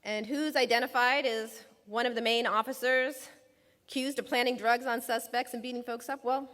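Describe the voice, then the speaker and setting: A woman's voice: fairly high pitch, fairly even intonation, normal speed, a bit bright. A woman telling a personal story from her time as a lawyer in a public talk, vividly acting out the dialogue she quotes. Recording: long hall reverb.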